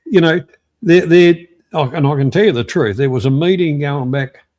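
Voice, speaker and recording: A man's voice: fairly high pitch, expressive, normal speed, a little mellow. An English man hosting a casual live stream, talking with hesitant restarts and greeting viewers in the chat. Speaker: stream host.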